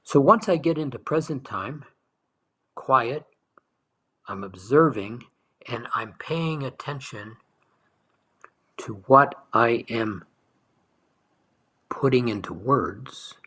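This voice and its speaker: A man leading a guided meditation talk as a spiritual teacher, speaking softly and slowly, lingering on words and sometimes dropping to a whisper. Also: medium pitch, lively intonation, breathy edge. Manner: soft, slow, dwelling on words, dropping to whispers.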